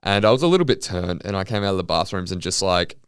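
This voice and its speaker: A man's voice: low-pitched, lively intonation, fast talker, clear, resonant tone, dry recording, studio quality. A young man with an Australian accent, co-hosting a podcast in a laid-back, sweary, jokey way. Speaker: podcast co-host. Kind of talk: casual chat.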